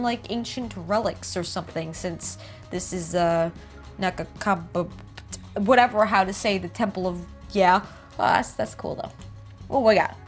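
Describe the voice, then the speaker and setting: Chatty Jersey-accented woman, higher voice. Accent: New Jersey. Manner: chatty, jokey, reads aloud and riffs. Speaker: host. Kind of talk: casual commentary on game art.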